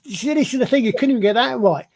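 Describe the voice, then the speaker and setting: A man with a high voice talks in a casual panel chat. He presses the same point again and again, stumbling through false starts. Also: very fast, creaky, a little mellow. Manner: insistent, repeats himself with many restarts.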